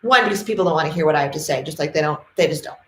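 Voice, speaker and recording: A middle-aged woman from New England, talking to camera as a dog trainer, telling stories with passion and quick acted-out quotes. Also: low voice, fairly bright tone. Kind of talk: casual talk to camera. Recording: roomy echo.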